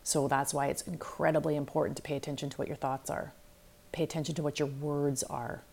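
A woman's voice: deep voice, flat delivery, fairly quick, gravelly, a little mellow. A middle-aged woman, a life coach hosting a solo self-help podcast, talking candidly and reflectively, sometimes acting out her own inner voices.

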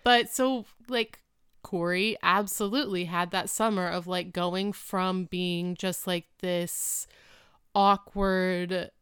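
A woman's voice: lowish voice, steady tone, takes it slowly, a bit bright, smooth, no room sound, clean studio sound. A woman in her thirties co-hosting a podcast, recapping a sitcom in casual chat with lots of "like" fillers. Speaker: podcast co-host.

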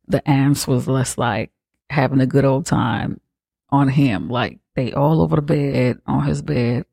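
A podcast host rambles through a horror film recap with heavy profanity and constant filler words. The voice is gravelly with a dark, mellow tone. The recording is dry and close. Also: medium pitch, dry recording.

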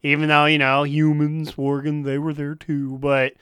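A man with a smooth, slightly high voice co-hosts a podcast and makes wry, quick jokey asides. The sound is dry and close, with little room. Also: monotone, fairly bright tone, no room sound. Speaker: podcast co-host. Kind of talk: casual chat.

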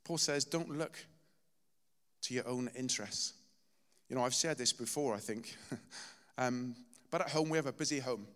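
A man's voice: mid-range voice, moderate pace, long pauses, a bit bright. Man preaching in a reverberant hall. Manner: conversational storytelling with self-deprecating humor. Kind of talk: sermon. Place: church hall.

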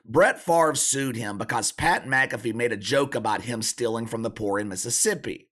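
Hoarse, croaky man doing blunt commentary. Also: mid-range voice, moderate pace, fairly bright tone. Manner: blunt and sarcastic. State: hoarse, sick voice. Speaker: sports commentary channel host. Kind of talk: opinion commentary monologue.

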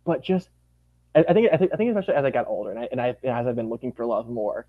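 A man talking as a podcast guest in casual chat, animated and gushing, acting out quotes. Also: mid-range voice, racing, no room sound, narrow, tinny audio.

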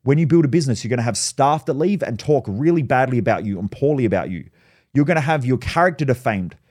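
A man's voice: medium pitch, lively intonation, fast talker, a little mellow. A man hosting a solo podcast, telling stories in a blunt, profane way. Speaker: podcast host.

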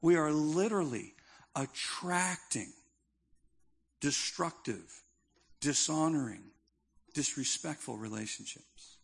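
Guy preaching, chatty and punchy, voice a bit on the higher side for a man. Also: slow pace, gravelly, pauses often, husky. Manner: conversational, emphatic preaching with humor. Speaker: pastor. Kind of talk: sermon.

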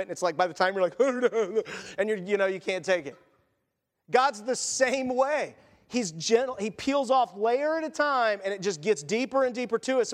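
A man with a high voice preaches a sermon, talking to the congregation like a friend and acting out quotes along the way. His words ring out with a long reverb, as in a large church sanctuary. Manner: conversational preaching with asides and acted quotes. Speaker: pastor.

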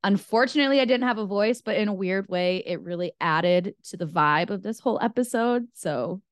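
A woman's voice: medium pitch, brisk, dry recording, clean studio sound. A young woman co-hosting a podcast, talking casually and with enthusiasm, often laughing. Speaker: podcast co-host. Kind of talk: casual chat.

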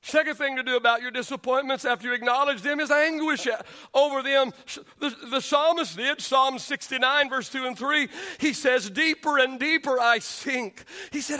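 High, bright-voiced preaching pastor. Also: male voice, moderate pace. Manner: repeats words and builds to shouts on key lines. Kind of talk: sermon.

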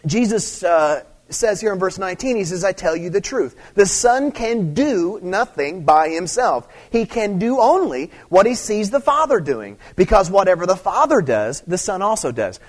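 A man preaching a sermon in a casual, conversational way, repeating phrases, checking in with "okay?", and rising to loud emphatic stress. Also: sits high, big pitch swings, normal speed. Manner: conversational, repeats himself, frequent "okay?" and "see"; rises to loud emphatic stress on key points. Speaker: pastor.

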